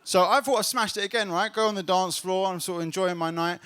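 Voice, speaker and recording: A man performing a stand-up comedy set on a club stage, telling a story and building to loud laughs. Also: sits high, quick pace, smooth.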